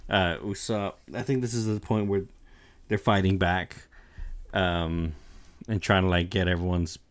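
A low-leaning male voice, recorded dry, belongs to a young man chatting on a podcast. He's laid-back as he summarizes an anime, dropping plenty of "like" fillers, cursing and laughing.

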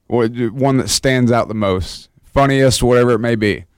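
Man, podcast host, smooth clear voice, relaxed questions, dry sound. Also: mid-range voice, moderate pace, no echo.

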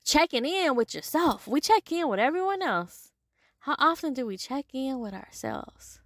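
A woman hosting a solo podcast, talking in an animated, casual way with some swearing, swinging from loud to soft. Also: sits high, moderate pace, no echo, clean studio sound. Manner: casual, with profanity and y'all. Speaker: podcast host. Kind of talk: solo motivational podcast monologue.

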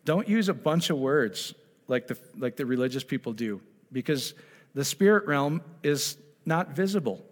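With animated delivery at a moderate pace and medium pitch, a man preaches emphatically, asking rhetorical questions and moving from loud calls to soft, intimate asides, all in long hall reverb.

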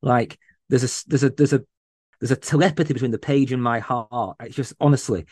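A man's voice: mid-range voice, fairly even intonation, a little fast, darkish tone, no room sound. A man, a guest on a podcast, chatting casually and talking with earnest passion about a favorite book character. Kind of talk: casual chat.

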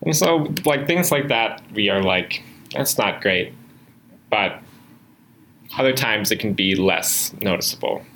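A man's voice: on the low side, animated, a little slow, pauses often, fairly bright tone, low-quality recording. A man hosting a podcast chat, explaining topics in a casual, filler-heavy way. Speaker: host. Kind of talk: podcast conversation.

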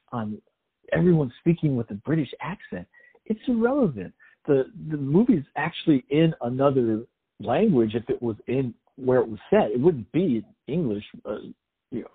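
A man's voice: mid-range voice, breathy edge. A man co-hosting a podcast, chatting casually and sarcastically about a movie, rambling with wry jokes. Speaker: podcast co-host. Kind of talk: casual movie review chat. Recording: tinny phone-like sound.

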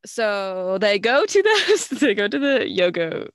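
A woman's voice: medium pitch, sing-song, slow, no room sound, studio quality. A young woman co-hosting a casual movie review, retelling scenes with lots of fillers and acted-out quotes. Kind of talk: casual chat.

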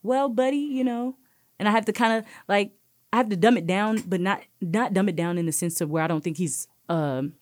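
A woman's voice: lowish voice, a little fast. A young woman hosting a podcast, chatting casually and telling stories with lots of "like" and "you know". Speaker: podcast host. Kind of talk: casual chat.

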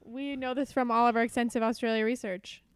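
A woman's voice: a little high, steady tone, smooth, no echo, studio quality. A woman co-hosting a podcast in casual, jokey chat. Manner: chatty, jokey, talks in quick asides. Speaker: podcast co-host.

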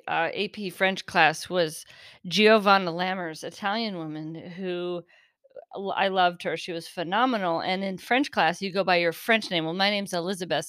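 A fairly low but slightly bright female voice comes through a dry, clean studio recording. She hosts a casual podcast by herself and, a little wired from caffeine, giggles and rambles, breaking off her own thoughts.

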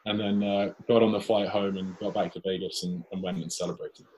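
Husky British man telling a story. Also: deep voice, a little fast. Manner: lively anecdote, acts out his own and others' quoted lines. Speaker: guest. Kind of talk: casual storytelling.

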